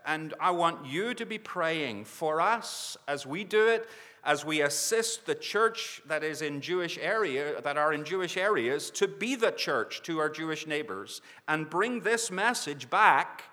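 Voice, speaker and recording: A man's voice: fairly high pitch, sharp tone, in a large hall. A man making an earnest mission appeal from the pulpit, pleading with the listeners again and again for prayer and support. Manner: earnest, urging with repeated pleas. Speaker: mission society speaker. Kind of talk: sermon appeal.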